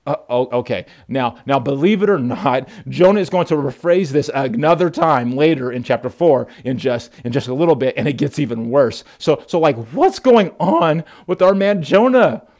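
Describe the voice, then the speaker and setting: A man's voice: medium pitch, normal speed, hardly any pauses, darkish tone. A male pastor preaching a sermon in an emphatic way, often repeating words as he restarts his sentences.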